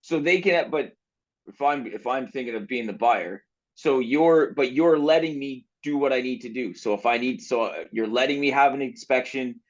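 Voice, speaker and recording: A man's voice: medium pitch, moderate pace. Man asking questions, dull-sounding mic. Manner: thinks aloud, asks questions, restarts phrases. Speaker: podcast co-host. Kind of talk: casual chat.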